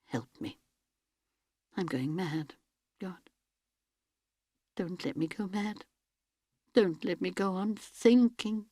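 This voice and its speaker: A woman voicing a frightened middle-aged housewife who pleads, swinging between hushed prayers and cries. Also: high-pitched, very animated, a little slow, no echo, studio quality, heavily acted. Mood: despairing.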